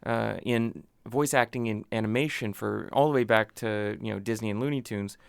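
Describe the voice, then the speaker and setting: Smooth lower voiced guy on a podcast, explainy, teasing the others. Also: moderate pace, no echo. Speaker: podcast co-host. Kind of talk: casual comedy chat.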